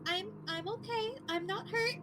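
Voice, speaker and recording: A woman voicing a soft, reassuring female crewmate whose robotic voice turns a little more human. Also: extremely high pitch, unhurried, crowd noise, pitched above the performer's own voice. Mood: soothing.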